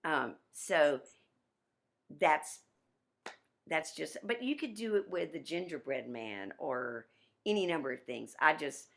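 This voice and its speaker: A woman piano teacher giving a workshop over a video call, chatty and animated, with restarts. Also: low-pitched, slow pace, gravelly, long pauses.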